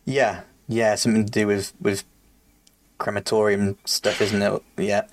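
Man, low and even-voiced, relaxed and agreeable co-host; dry, close sound. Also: a little slow, no echo. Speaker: podcast co-host. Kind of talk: casual film discussion.

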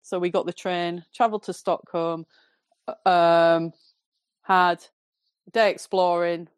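A woman with a Northern English accent chats on a podcast as a guest, telling her story in a relaxed, rambling way. Her voice sits a little low, recorded close and dry. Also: dry recording. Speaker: podcast guest, football fan. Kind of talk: casual podcast chat.

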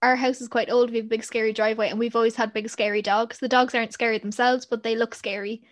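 A young woman with an Irish accent and a bright, high-pitched voice chats easily in a casual podcast conversation. She tells stories with animation and laughs readily. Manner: animated storyteller, quick to laugh. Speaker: podcast co-host. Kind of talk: casual chat.

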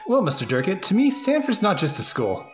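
A man playing an earnest young student who pleads his case to a college dean in a comedy podcast read-through, his voice pushed up high and eager. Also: huge pitch swings, fairly quick, soft background music. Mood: earnest pleading.

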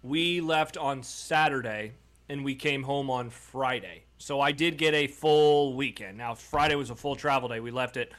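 A man's voice: mid-range voice, moderate pace, a bit bright. A man co-hosting a casual sports podcast, telling stories and reading listener comments in an easygoing way. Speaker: podcast co-host. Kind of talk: casual chat.

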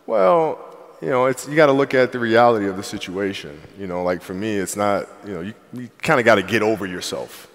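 A man's voice: lowish voice, brisk, big-room sound. A man being interviewed, talking in a laid-back, blunt way with lots of "like" and "you know". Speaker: interview guest. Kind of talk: casual interview chat.

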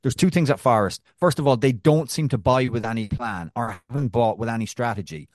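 A man from Arkansas co-hosting a casual sports podcast, jokey and animated, often laughing. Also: mid-range voice, fairly quick, no room sound, studio quality. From Arkansas, USA. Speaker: podcast co-host.

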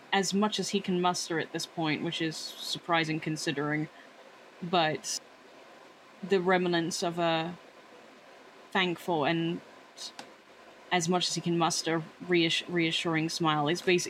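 A man with a bright, forceful voice describes his character's actions in a tabletop role-play session. He rambles and hesitates, restarting his sentences often. A faint hiss of noise sits under the recording. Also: a little high, level tone, a little slow, long pauses, low-quality recording.

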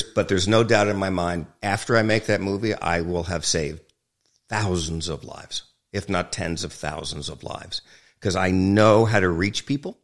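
Brief: lower-pitched man, a film director as podcast guest, candid and emphatic, curses casually. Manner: emphatic, frank, swears freely, jokes. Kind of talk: candid interview conversation.

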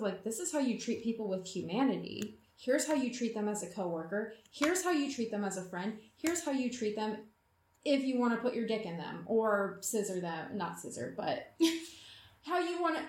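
A woman's voice: a little high, expressive, moderate pace, darkish tone, roomy sound, slight background noise. A woman in casual conversation, speaking frankly and with animation. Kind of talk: casual chat.

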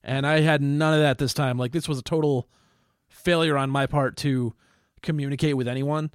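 A man's voice: mid-range voice, steady tone, moderate pace, no echo, studio quality. A young man co-hosting a casual podcast, blunt and opinionated with a self-mocking streak. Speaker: band member and podcast co-host. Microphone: studio microphone.

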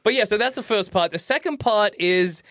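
A man's voice: sits high, moderate pace, a bit bright, dry recording. An Australian man co-hosting a casual movie review podcast, rambling and laughing as he trails off mid-thought. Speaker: podcast co-host.

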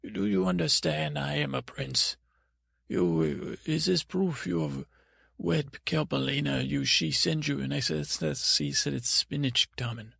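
A man doing Tommen, a very gravelly, rambling young prince. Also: fairly high pitch, lively intonation, fairly bright tone, dry recording, clean studio sound, exaggerated voice. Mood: dreamy rambling. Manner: meandering, halting, easily sidetracked storytelling. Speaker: podcast host. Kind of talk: improvised comic bedtime story.

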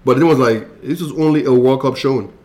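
A man's voice: medium pitch, a little fast, darkish tone. A man co-hosting a casual football podcast, teasing and arguing with his co-host. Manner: teasing, argumentative banter. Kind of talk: casual chat.

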